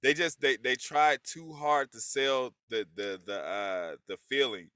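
A man in a casual movie review chat, talking in an animated, profane way and tripping over repeated words when he gets going. His voice is bright and forceful, recorded close and dry with no room sound. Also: medium pitch, a little slow, clear, resonant tone, no room sound. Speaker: podcast co-host.

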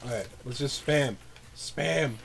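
A young man recording let's play commentary, swearing and swinging from low muttering to sudden shrieks of disgust. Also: slow pace, creaky, a bit bright, slight background noise. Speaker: gamer, channel host.

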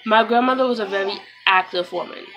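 A young woman from New York talking in a casual personal vlog, subdued and halting, with many fillers and restarts. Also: mid-range voice, over loud music, poor audio. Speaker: vlogger, mother.

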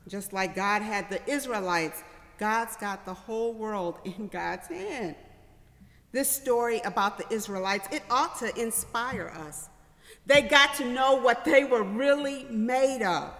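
A woman pastor preaching a sermon in a church, speaking slowly with rhythmic, repeated refrains. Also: on the high side, sharp tone. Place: church sanctuary. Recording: long church reverb.

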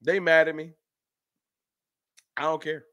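Animated man hosting a fan livestream. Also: fairly high pitch, a little slow, no room sound, clean studio sound. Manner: animated, slangy, talks to chat by name. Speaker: livestream host. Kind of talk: casual fan livestream talk. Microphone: streaming setup.

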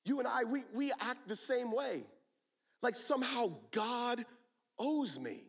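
A man's voice: very high-pitched, lively intonation, measured pace, slightly rough. A man preaching a sermon at a youth conference, emphatic and full of rhetorical questions.

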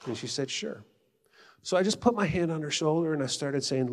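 A middle-aged man speaks to a retreat audience, his voice on the higher side for a man. He tells his stories in a loose, conversational and animated way. The sound carries a long reverb from a big hall. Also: a little fast. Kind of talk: conference talk with storytelling.

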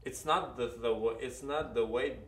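A man's voice: mid-range voice, moderate pace, reverberant, distant mic. A man with a Ukrainian accent, an actor giving earnest advice in an interview, often restarting his sentences. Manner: earnest, advising, with many restarts. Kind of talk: casual interview talk.

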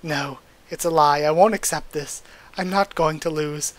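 A man reading aloud the lines of a proud, cornered male villain from a comic, in his own plain, fairly high voice. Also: normal speed, natural voice. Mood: defiant. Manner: read aloud flatly from a comic. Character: proud, cornered male villain who rules over children.

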